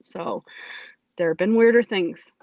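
A woman telling her personal testimony in a casual, animated way, acting out what she said back then. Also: medium pitch, a little slow, vocal fry, no room sound, muffled recording. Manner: animated, acts out her own past remarks. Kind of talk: casual storytelling.

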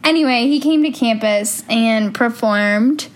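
A woman's voice: a little high, unhurried. A young woman in casual chat, easygoing and agreeable, keeping the timeline on track. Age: young adult. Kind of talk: casual chat recapping the year.

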